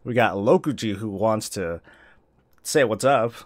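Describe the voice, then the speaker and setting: A man's voice: lowish voice, a little slow. A man hosting a casual morning live stream, rambling and self-deprecating as he chats with viewers.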